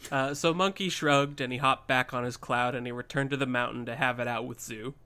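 A man reading a story aloud on a podcast in a matter-of-fact way. His voice is bright and forceful at an ordinary pitch. He moves steadily through the narration. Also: steady tone, a little fast, clean tone. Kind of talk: story reading with casual chat.

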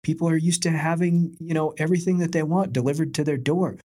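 A man's voice: fairly high pitch, fairly even intonation, dark tone. A man who was once a police officer, talking reflectively in a casual chat, often restarting his sentences. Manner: reflective, halting, repeats his words.

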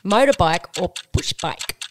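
A woman, co-hosting a podcast and firing off quick teasing questions. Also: lowish voice, animated, noisy background. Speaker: podcast co-host. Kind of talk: casual podcast chat.

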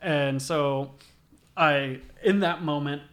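A man's voice: a little high, slow, a bit bright. A young man, a body piercer, telling stories casually in an interview, swearing a lot and filling with "like". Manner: profane, rambling, many "like" fillers.

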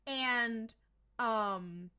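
A woman co-hosting a podcast, recapping an episode in casual chat, animated and sweary. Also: fairly high pitch, very slow, clear, resonant tone. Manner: animated retelling, swearing, many fillers. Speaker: podcast co-host.

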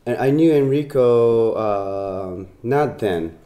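A man's voice: medium pitch, lively intonation, slow, mellow, roomy sound. A man in his forties hosting a casual chat and asking curious questions. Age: 40s. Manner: conversational, asks curious questions. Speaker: host.

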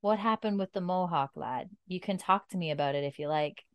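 A woman quoting a gentle, kindly uncle. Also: lowish voice, a little fast, smooth, dry recording, lightly acted.

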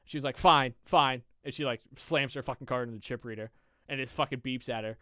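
A young man co-hosts a podcast, his mid-range voice a little fast and sharp-toned, with no room sound. He tells a long, rambling story in casual chat, swearing freely and saying "I was like" again and again.

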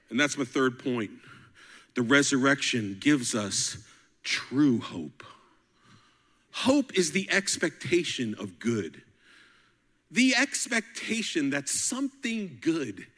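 Male preacher, bright and forceful, dramatic loud-to-whisper delivery with call-outs to the congregation, long hall reverb. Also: a little high, very animated, slow. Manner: dramatic preaching that swings between loud climaxes and hushed whispers; call-and-response exhortations. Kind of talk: sermon.

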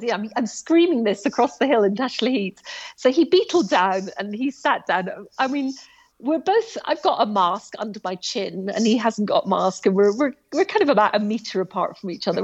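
Woman rambling happily through a hike story, kinda high voice, muffled call sound. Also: husky. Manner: chatty, animated, many restarts and asides. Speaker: guest recounting a hike. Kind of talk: casual storytelling in conversation.

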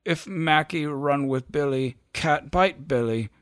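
A man voicing a loyal, dying little male dog that talks slowly and weakly in simple broken grammar. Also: a little high, clear, resonant tone, dry recording, clean studio sound, pitched above the performer's own voice. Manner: slow, weak, childlike broken grammar.

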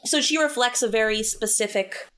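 A woman's voice: on the high side, moderate pace, a bit bright. A woman co-hosting a casual chat, talking through a musical's story with opinionated enthusiasm. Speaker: podcast co-host.

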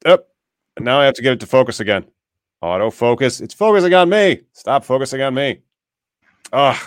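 A man hosts a live podcast in a casual, rambling way, full of fillers. His voice sits at an ordinary pitch. The sound is dry and close. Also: fairly bright tone, dry recording. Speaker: podcast host.

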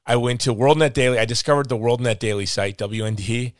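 A man's voice: medium pitch, a little fast, dry recording. Chatty host guy telling stories with jokes, dry close sound. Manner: chatty storyteller, joking asides. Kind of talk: casual interview chat.

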